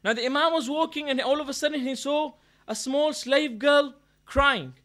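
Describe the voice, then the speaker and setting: A man's voice: very high voice, normal speed, a bit bright. A man telling a moral story as a speaker at a religious mourning gathering, earnest and often correcting himself mid-sentence. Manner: earnest retelling with frequent self-corrections. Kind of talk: storytelling sermon. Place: gathering hall in London.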